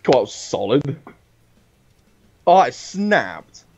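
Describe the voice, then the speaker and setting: Man, playful gaming banter, bouncy pitch, slow delivery. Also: sing-song, slightly rough, lo-fi sound. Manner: laughing, swearing, joking about his own wrecks. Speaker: co-player. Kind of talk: casual gameplay banter.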